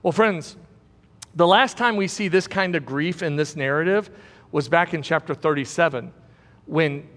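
A man's voice: a little high, normal speed, a bit bright, long reverb tail. A man preaching a sermon as pastor, emphatic and repeating key words for stress.

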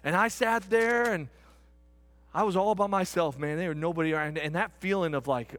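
A middle-aged man, a pastor, telling a story in a sermon, animated and swinging from shouts to hushed tones. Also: a little high, quick pace.

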